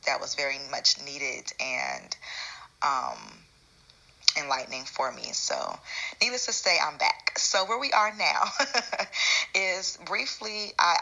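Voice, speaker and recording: An American woman hosts her spiritual channel in a low-pitched, creaky voice that's bright and forceful, though the recording quality is low. Her casual vlog talk rambles a little, with fillers and restarts.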